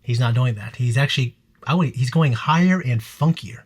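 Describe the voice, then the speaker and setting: A man's voice: mid-range voice, moderate pace, husky. Rambling man hosting a reaction chat. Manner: rambling, restarts, swears casually. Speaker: reaction channel host. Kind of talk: casual post-episode discussion.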